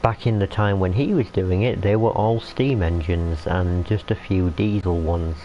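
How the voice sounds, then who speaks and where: A man's voice: deep voice, measured pace. A young man rambling in casual chat while streaming a train game, talking to the characters on screen. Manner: rambling, chatty, talks to the game. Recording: muffled lo-fi, faint hiss.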